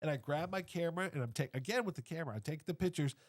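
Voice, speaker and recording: Fairly high-pitched and rapid-fire, this middle-aged comic convention founder spins an easygoing tale as a podcast guest, animatedly doing the voices of every character in it, with no room sound.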